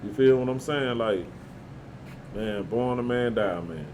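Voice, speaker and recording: A man's voice: mid-range voice, measured pace, background noise. A man telling a story as a podcast guest, casual and profane, often acting out what others said. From Birmingham, Alabama. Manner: animated, profane, acts out quotes.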